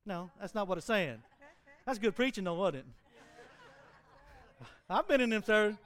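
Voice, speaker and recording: Speaking a little slowly in a voice that sits high, a middle-aged pastor delivers a spirited church sermon. He mimics fiery preachers and laughs at his own jokes.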